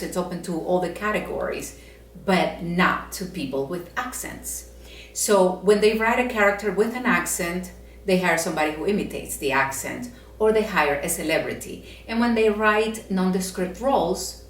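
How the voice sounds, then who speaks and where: A woman's voice: lowish voice, slight background noise. A woman from Latin America with a Latin American Spanish accent, making an earnest, methodical case in an opinion vlog. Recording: roomy echo, mic at a distance.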